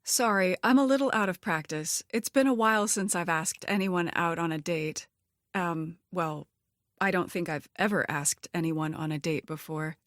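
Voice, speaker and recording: A woman's voice: sits low, steady tone, a little slow, a bit bright, no room sound. Hesitant, flustered widowed mother, read by a woman narrator, dry close recording. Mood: nervous, flustered. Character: nervous widowed mother, young adult woman.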